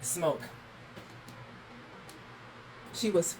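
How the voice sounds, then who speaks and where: A woman's voice: sits low, normal speed, a little hiss or hum. A woman hosting a walkthrough vlog, exasperated and ranting as she films indoors in a condo on a handheld phone. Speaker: host.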